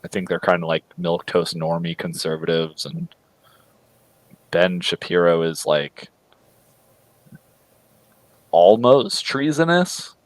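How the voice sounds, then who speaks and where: A man's voice: deep voice, little pitch movement, normal speed, dry recording, poor audio. A man co-hosting a casual political livestream chat, rambling with frequent restarts and mocking impressions. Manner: rambling, many restarts and mocking quoted voices. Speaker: podcast co-host.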